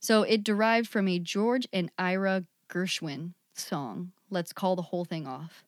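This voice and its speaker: A woman's voice: lowish voice, unhurried, no echo. Chatty woman podcast co-host, dry sound. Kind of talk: casual chat.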